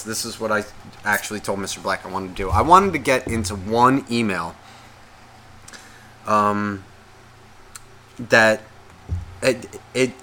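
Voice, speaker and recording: A man co-hosting a podcast, ranting in a profane, comedic way and acting out the voices in his head. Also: mid-range voice. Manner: animated, swearing, acts out inner voices. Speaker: podcast co-host.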